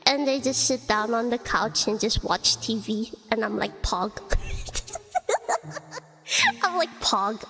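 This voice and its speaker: A slow-talking young woman with a slightly high voice, chatting casually as a streamer and rambling through her story with constant fillers and little giggles. Her voice carries a long reverb tail, and music plays clearly behind her. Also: a bit bright. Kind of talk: casual chat.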